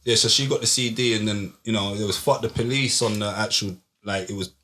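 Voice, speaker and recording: Man, London accent, young adult, bright voice, lively storyteller, podcast chat. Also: on the low side, brisk. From England. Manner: animated storyteller, acts out voices, slangy. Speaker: podcast guest, rapper.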